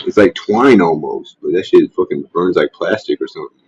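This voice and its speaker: A man with a deep, husky voice rants on a casual livestream, cursing and mocking as he rambles. The sound is dull and lo-fi, recorded dry and close. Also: brisk, darkish tone, dry recording. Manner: profane, mocking, trash-talking. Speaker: livestream host. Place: at home, face not shown. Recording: dull, dry lo-fi stream audio.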